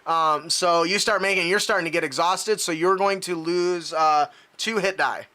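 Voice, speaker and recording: A man's voice: sits high, steady tone, moderate pace, pushed and bright. A man narrating a tabletop game as game master, loose and laughing, with plenty of fillers.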